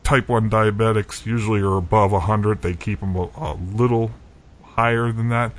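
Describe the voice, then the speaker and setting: A man's voice: lowish voice, steady tone, moderate pace. A man co-hosting a podcast, talking casually with many restarts and fillers. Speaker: podcast co-host. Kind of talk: casual chat.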